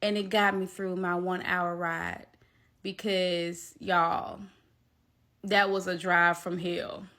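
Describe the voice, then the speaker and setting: A woman telling a storytime vlog, animated and talking straight to her viewers. Her voice is bright and forward. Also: on the low side, takes it slowly. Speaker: vlogger.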